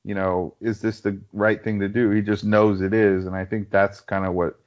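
A man's voice: lowish voice, flat delivery, moderate pace, a little mellow. A man in a casual podcast chat, thoughtful and hedging as he explains his view at length. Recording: dull lo-fi sound.

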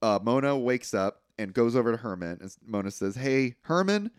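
A young man co-hosting a podcast, recapping a film in a casual, animated and profane way. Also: lowish voice, brisk, clean tone, no echo, clean studio sound. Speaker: podcast co-host.

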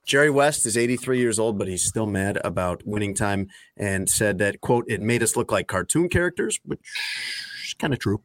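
A man's voice: lowish voice, animated, moderate pace, no echo. A man hosting a podcast, chatting about sports in a dry, wry way. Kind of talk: casual sports chat.

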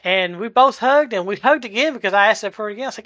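A man in his forties giving a heartfelt personal testimony, halting and searching for words as he goes. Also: high voice, bright, forceful tone, dry recording, studio quality. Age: 40s. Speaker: delivery driver sharing a testimony. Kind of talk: emotional personal testimony in a live chat.

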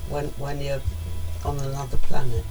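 A woman's voice: a bass voice, flat delivery, moderate pace. A middle-aged woman, the host's mother, chatting casually in a teasing, affectionate way. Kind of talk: casual chat. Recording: distant mic with faint music.

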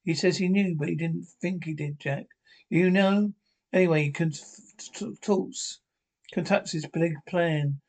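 A man's voice: fairly high pitch, measured pace, a little mellow. Grumbling old Scottish man. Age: older. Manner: bantering, grumbling, sweary. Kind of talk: sitcom dialogue.

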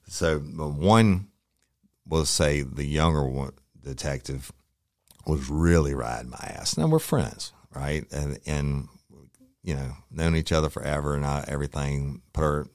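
A rumbling, extremely low male voice, spinning a cop story in a loose, rambling way. He swears freely and acts out the lines of the people in it. The sound is close and dry, with no room around it. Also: darkish tone, no room sound. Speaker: police officer telling a war story. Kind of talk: casual spoken storytelling.

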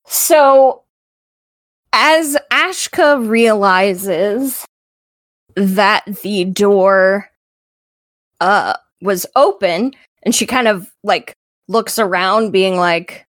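A woman's voice: mid-range voice, very slow. A woman running a tabletop game as game master, narrating hesitantly with many fillers.

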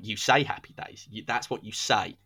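A man's voice: fairly low pitch, moderate pace, sharp tone, slightly rough. A man, hosting a podcast and telling a football story in a casual, dramatic way. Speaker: podcast host.

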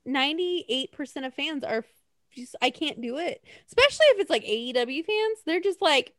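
Lively high-voiced woman chatting. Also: moderate pace, dry recording, clean studio sound. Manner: animated, swearing, laughing often. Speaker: podcast co-host. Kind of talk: casual chat.

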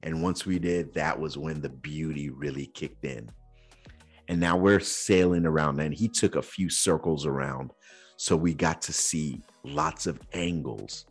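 A man's voice: rumbling low, a little slow, breathy edge, soft background music. A man hosting a podcast, earnestly telling a personal story in a reflective way, sometimes using casual slang. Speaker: podcast host.

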